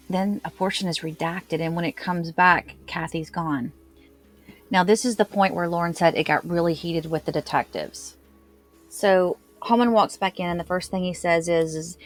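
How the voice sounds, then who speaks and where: Woman recapping, low voice, faint music. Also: normal speed. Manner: retells quotes with rising intensity, frequent fillers like "kind of". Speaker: commentator retelling courtroom testimony. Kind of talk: casual recap of interrogation video.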